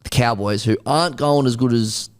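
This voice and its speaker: An Australian man chatting as a podcast guest, talking in a rambling, animated way. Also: mid-range voice, moderate pace, clean tone. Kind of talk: casual chat.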